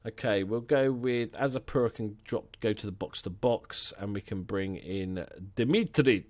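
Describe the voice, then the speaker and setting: A young man hosting a football management let's play, chatting casually and swearing freely, with excitable bursts over the game. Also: fairly low pitch, normal speed. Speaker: gaming channel host.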